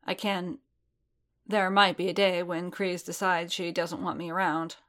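Reserved warrior guy, halting and earnest, lowish voice, woman reading. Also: little pitch movement, a bit bright. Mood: hesitant.

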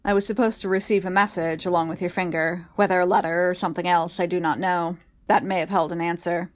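A woman voicing gruff rough-voiced man. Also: lowish voice, fairly even intonation, fast, natural voice. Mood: uncertain. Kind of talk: audiobook reading.

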